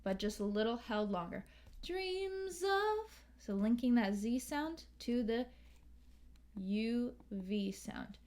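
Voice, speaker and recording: An American woman teaching English pronunciation, slowly and carefully modeling sounds and words. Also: mid-range voice, dark tone. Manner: slow, careful, models sounds and sings lines. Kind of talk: pronunciation lesson with sung examples.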